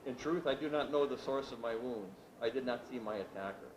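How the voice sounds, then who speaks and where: A man's voice: medium pitch, fairly quick, close to an everyday voice. A man voicing a wounded young stranger in a read-aloud story, formal and courteous. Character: wounded young male stranger, polite, groggy. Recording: echoey room with background noise.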